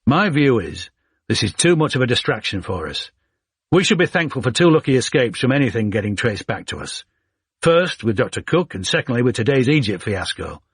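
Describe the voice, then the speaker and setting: A man's voice: mid-range voice, sing-song, a little fast, breathy edge, no room sound, clean studio sound. A man voicing a blunt, skeptical Yorkshire businessman in an audiobook, dismissive in tone.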